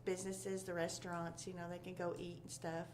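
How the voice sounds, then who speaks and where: Rambling woman with soft hum. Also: fairly low pitch, little pitch movement. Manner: rambling, halting with many fillers. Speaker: chamber of commerce member. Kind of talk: casual local talk show chat.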